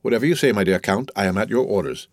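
A man's voice: on the low side, quick pace, no echo, studio quality. A man reading the part of a haughty, purse-proud banker who speaks arrogantly. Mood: fawning. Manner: arrogant, then flustered and fawning. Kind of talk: audiobook character reading.

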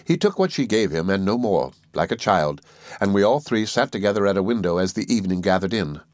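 Male narrator for a classic novel; low, measured, earnest, dry recording. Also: expressive, a little mellow, dry recording. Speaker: audiobook narrator. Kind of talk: scripted narration.

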